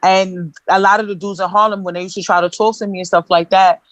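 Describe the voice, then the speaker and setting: A woman's voice: mid-range voice, fast, no room sound. A woman, a singer and songwriter chatting animatedly in slangy street talk on a radio show. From Brooklyn, New York. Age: 30s. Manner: animated, slangy, lots of "you know what I'm saying". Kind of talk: casual radio interview chat.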